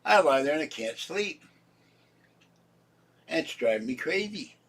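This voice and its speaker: A man in his seventies, sick and hoarse, rambling casually to his viewers about his day and laughing at his own jokes. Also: on the high side, sing-song, unhurried, a bit bright, recorded from a distance. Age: 70s. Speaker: vlogger. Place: home.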